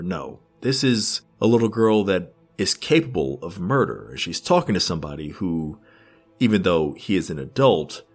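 A man giving an analytical commentary in a measured, thoughtful way, with small restarts as he searches for words. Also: deep voice. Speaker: video essayist.

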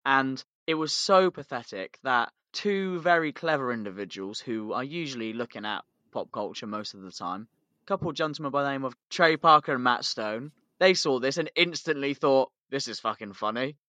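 A British man co-hosting a casual podcast, telling a story in an animated way with swearing and laughs. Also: medium pitch, normal speed, no room sound. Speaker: podcast co-host.

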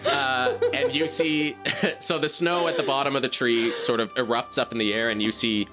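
A man's voice: mid-range voice, fairly even intonation, moderate pace, music in the background. A man narrating a tabletop game as game master, describing scenes in a loose, descriptive way with fillers.

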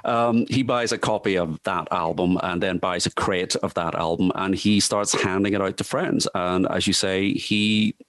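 A man's voice: low-pitched, fairly even intonation, normal speed, few pauses, fairly bright tone, dry recording. A man co-hosting a casual chat about music history, hesitant with many fillers and restarts. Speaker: podcast co-host.

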